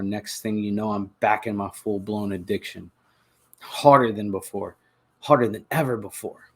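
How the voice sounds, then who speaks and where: A man hosting a podcast, telling his own story in an earnest, halting way, with repeated words and restarts. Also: lowish voice, steady tone. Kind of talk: confessional personal narration.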